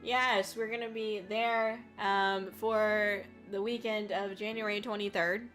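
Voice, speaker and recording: With faint music playing beneath her, a woman VTuber chats casually on a live stream in a medium-pitched, level, slightly bright voice, speaking a little slowly. She rambles, reads viewer comments, laughs a lot, and swears.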